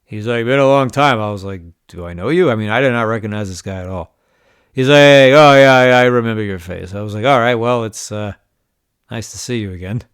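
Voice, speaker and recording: A man's voice: lowish voice, no echo, studio quality. A man telling poker stories in a casual, exasperated, venting manner, swearing now and then. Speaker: poker vlogger. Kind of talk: casual storytelling recap.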